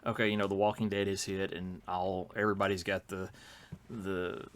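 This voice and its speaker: Low-voiced middle-aged man. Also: little pitch movement, moderate pace. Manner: rambling, lots of fillers and restarts. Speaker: podcast co-host. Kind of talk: casual storytelling chat.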